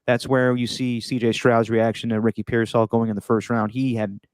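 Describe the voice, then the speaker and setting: A man's voice: mid-range voice, level tone, moderate pace, no room sound. Chatty man hosting, in a dry room. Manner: chatty, laughs easily, mimics quotes. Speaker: podcast host. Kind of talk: casual chat.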